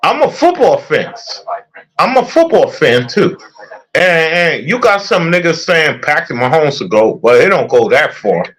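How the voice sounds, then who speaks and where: A man's voice: a little high, big pitch swings, moderate pace, a bit bright, poor audio. Heated man ranting about football. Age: young adult. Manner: profane, heated, repetitive. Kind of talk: casual sports rant.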